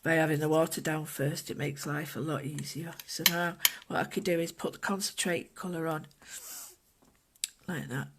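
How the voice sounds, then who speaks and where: An art instructor giving a calm, gentle, casual drawing and painting tutorial, thinking aloud while working at a desk indoors. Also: mid-range voice, moderate pace, very noisy.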